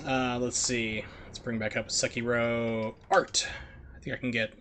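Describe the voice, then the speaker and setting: A man's voice: medium pitch, flat delivery, measured pace, fairly bright tone, a little hiss or hum. An American man streaming a video game, chatting casually and rambling with lots of fillers. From United States. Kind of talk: casual chat while gaming.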